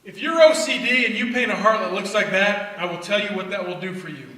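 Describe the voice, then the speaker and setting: High bright man telling stories in an echoey hall. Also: fairly quick. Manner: lively storyteller acting out family dialogue. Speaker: speaker at a church youth gathering. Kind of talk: storytelling sermon. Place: church hall. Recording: echoey hall from far off, faint noise.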